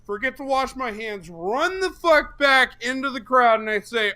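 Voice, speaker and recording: A young man telling a profane, excitable story on a casual podcast, bursting into shouts for the quoted parts. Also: extremely high pitch, moderate pace, hardly any pauses. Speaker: podcast co-host.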